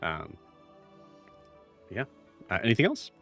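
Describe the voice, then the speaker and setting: Male dungeon master, very low voice, slow and deliberate narration, soft background music. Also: huge pitch swings. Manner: slow, drawn-out descriptive narration. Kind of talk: tabletop game hosting and scene narration.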